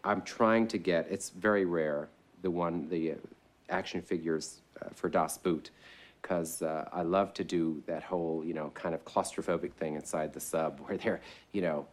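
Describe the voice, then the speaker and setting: A man's voice: sits low, fairly even intonation, normal speed, natural voice. A man playing a gushing, theater-mad shop owner. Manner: earnest, rambling, gushing. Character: eager theater-mad middle-aged man, sweetly self-absorbed. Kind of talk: mockumentary interview.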